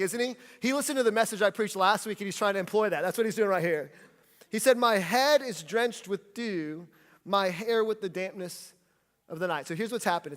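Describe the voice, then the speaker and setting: A male pastor delivers a sermon with a fairly high voice, slipping into playful acted-out dialogue as he tells a story. His words ring out with a long reverb tail from a large church hall. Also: a bit bright.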